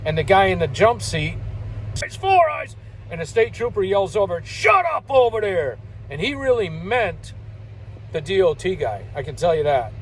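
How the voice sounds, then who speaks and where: A man's voice: high voice, lively intonation, moderate pace, husky, low-quality recording. An older man, a truck driver, telling stories in a rambling, folksy way and chuckling between remarks. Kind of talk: casual spoken storytelling.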